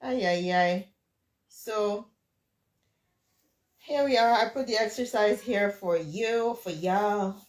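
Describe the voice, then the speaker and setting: A woman's voice: mid-range voice, slow, pauses often, reverberant. A woman teaching French over a video call, correcting and encouraging her student. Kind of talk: online tutoring session.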